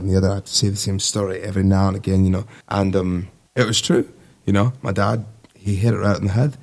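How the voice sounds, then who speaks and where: A man in his twenties with a Midwestern American accent, a Navy sailor and guitarist talking in a relaxed, rambling way in a casual interview. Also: low-pitched. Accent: Midwestern American, put-on. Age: 20s. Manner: relaxed, rambling, laughs easily.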